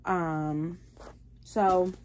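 A woman's voice: lowish voice, steady tone, extremely slow, a little hiss or hum. A young woman, chatting playfully to the camera in a casual vlog. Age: young adult. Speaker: vlogger.

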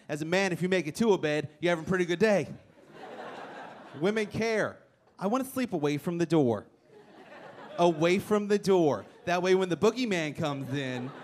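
A man doing a stand-up set on a comedy club stage, brash and teasing the crowd with punchlines. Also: fairly high pitch. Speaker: stand-up comic. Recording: live club recording with crowd noise. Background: audience noise and laughter.

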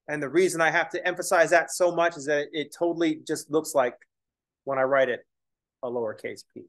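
A man's voice: fairly high pitch, a little fast, fairly bright tone. A man teaching a math lesson in a casual lecture style, explaining as he writes and slipping in joking, self-deprecating asides. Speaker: math instructor.

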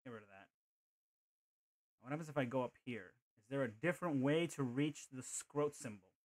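A man's voice: mid-range voice, normal speed. A man streaming a video game, chatting casually and thinking aloud, with playful joking asides. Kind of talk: casual gameplay commentary.

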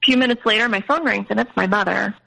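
A young woman tells a painful personal story in a candid, shaken way. Her voice is bright and forward, with a gravelly fry in it. She quotes others in her own voice rather than acting them out. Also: mid-range voice, fast, low-quality recording. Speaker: guest telling her story.

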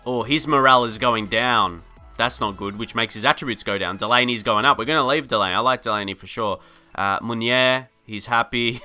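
Bright-voiced man chatting over gameplay. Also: mid-range voice, clear, resonant tone. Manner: chatty and rambling, laughs often, gets excited at plays. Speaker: gaming video host. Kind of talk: casual gameplay commentary.

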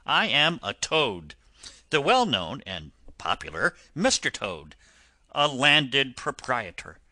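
Man doing a self-pitying toad gentleman, boastful, pleading, slow and bright-toned, dry close sound. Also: medium pitch, sing-song, no room sound, full character voice. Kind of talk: audiobook character voice.

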